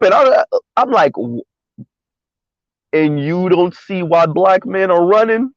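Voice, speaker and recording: High-voiced man, sarcastic and emphatic. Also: animated, slow, dry recording. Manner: emphatic, sarcastic, repeats points. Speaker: commentary vlogger. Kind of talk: opinionated commentary monologue. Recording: dull lo-fi recording.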